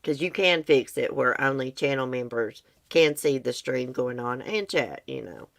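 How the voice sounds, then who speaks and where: Lady rambling to her stream chat, low deep-ish voice, confiding, casual. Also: very animated, normal speed, vocal fry. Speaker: livestream host.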